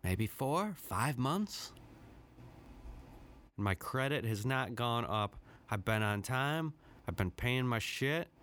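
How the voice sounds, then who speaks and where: A man's voice: mid-range voice, big pitch swings, takes it slowly, a bit bright. A man hosting his own podcast, rambling through a casual, profane solo rant with a self-deprecating edge. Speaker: podcast host.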